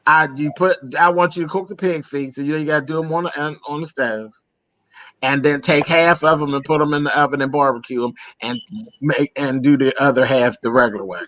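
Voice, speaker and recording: A chatty man from Pennsylvania with a bright, sharp tone and a slightly high pitch. He talks casually and loosely, tossing in "honey" and "girl" and laughing along the way. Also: fairly even intonation, fairly quick, dry recording. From Pennsylvania, USA. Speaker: host. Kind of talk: casual chat.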